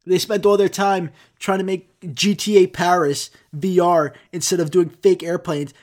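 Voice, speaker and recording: A young man hosting his own podcast, reading articles aloud and riffing on them. His voice sits a little high for a man. He curses constantly, flares into loud, exasperated outbursts, then drops into low, trailing mutters. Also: little pitch movement, unhurried, few pauses. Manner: profane, ranting, swings between loud outbursts and mumbling. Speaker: podcast host. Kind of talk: casual solo podcast rant.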